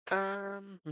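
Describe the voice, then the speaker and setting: A man's voice: high voice, clean tone, no room sound. A man streaming live, reading tarot cards and chatting with viewers, calling them "my darling". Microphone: desk microphone.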